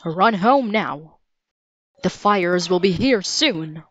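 A woman's voice: lowish voice, expressive, slow, fairly bright tone, dry recording, full character voice. A woman reading aloud and voicing a careful, brusque grown man in a storybook. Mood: firm. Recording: dull lo-fi dry recording.

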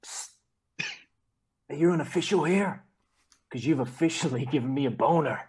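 A man doing an impression of a sleazy male figure skater, hushed, with a put-on American accent. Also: on the high side, moderate pace, a little hiss or hum, close to an everyday voice. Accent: American, imitated. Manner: quiet, breathy come-on.

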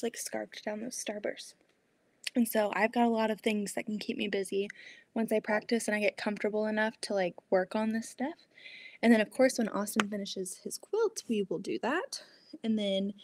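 A woman hosts a casual livestream from her home basement, chatting and giggling as she reads viewers' comments. Her voice sits a little high, and it is recorded dry and close on a laptop mic. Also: no room sound. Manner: chatty and giggly, many "like"s and restarts. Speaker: quilting channel host. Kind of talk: livestream chat, reading comments aloud.

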